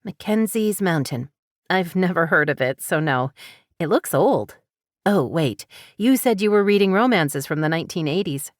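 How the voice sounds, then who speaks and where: A woman voicing a young woman who is a sad, overwhelmed newcomer, talking in a hurried, emphatic way. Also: fairly low pitch, expressive, no echo, studio quality, natural voice.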